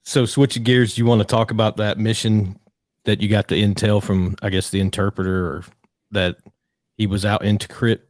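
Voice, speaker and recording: Man, podcast host, low voice, halting questions, dry close sound. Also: little pitch movement, dry recording. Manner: hesitant, filler-heavy questions. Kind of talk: casual interview.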